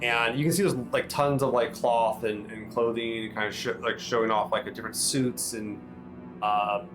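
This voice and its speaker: Man, game master, rambling, restarts a lot, mid pitch, soft music behind. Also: fairly even intonation, normal speed, rough recording. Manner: rambling, lots of fillers and restarts. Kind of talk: narrating a tabletop game.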